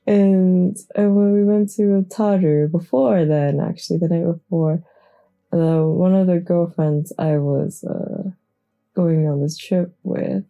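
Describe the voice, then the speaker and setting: A woman's voice: lowish voice, fairly even intonation, slow, creaky, mellow, lo-fi sound. A young woman rambling casually on an early morning, chatty and giggly, a little groggy, swearing freely. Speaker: podcast host. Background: faint background music.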